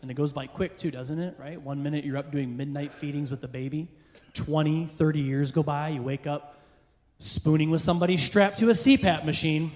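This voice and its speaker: A man's voice: fairly high pitch, fairly quick, darkish tone. A middle-aged man performing a stand-up comedy set, chatty and teasing the crowd with wry asides. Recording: reverberant live room, faint ambience.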